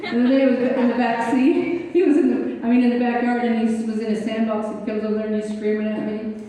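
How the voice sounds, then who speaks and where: A woman's voice: fairly high pitch, steady tone, fast, mellow. A woman doing a stand-up comedy set on a club stage, telling self-mocking stories in a chatty way. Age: 60s. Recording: echoey club hall, mic from far off.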